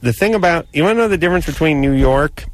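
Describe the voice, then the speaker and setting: A man's voice: a little high, expressive, fast talker, no echo. Sardonic male radio co-host. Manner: sardonic, rambling storyteller. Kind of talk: casual radio chat.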